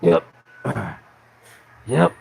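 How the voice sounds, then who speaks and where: A man in his thirties hosting a casual live fitness chat, blunt and animated, full of slang, often mimicking other people in a higher voice. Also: drawn-out words, low-quality recording. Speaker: fitness channel host.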